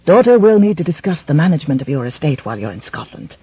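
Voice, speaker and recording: A woman voicing an older lord and gentle stepfather, with measured, old-fashioned speech, in a slightly muffled recording. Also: low-pitched, big pitch swings, breathy edge, heavily acted.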